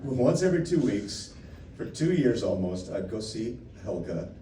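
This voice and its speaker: A man's voice: fairly low pitch, big pitch swings, a little slow, mellow, far from the mic. A man hosting a fan Q&A in a casual, playful way, often laughing as he tells stories. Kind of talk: casual joking chat with fans. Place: indoor meet-and-greet room. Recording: echoey room, recorded from afar, background noise.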